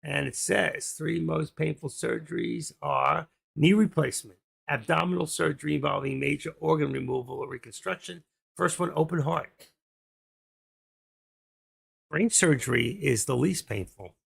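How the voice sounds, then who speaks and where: A man's voice: fairly high pitch, normal speed, gravelly, husky. A man hosting a trading live stream, rambling casually and muttering his thoughts aloud as he goes.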